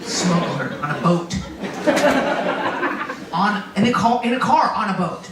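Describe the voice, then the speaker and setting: A woman's voice: on the low side, expressive, unhurried. A woman performing a stand-up set in a club, rambling crudely and chatting with the audience, laughter behind her. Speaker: stand-up comedian. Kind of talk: stand-up set with crowd work. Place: comedy club stage, live audience. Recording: roomy live club sound from a distance, loud crowd and noise.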